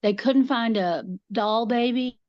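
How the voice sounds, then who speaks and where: Her voice is a little high and she takes it slowly; the recording is dry and lo-fi. She's a podcast co-host in casual chat, a drawling, folksy storyteller who acts out voices while recounting family stories.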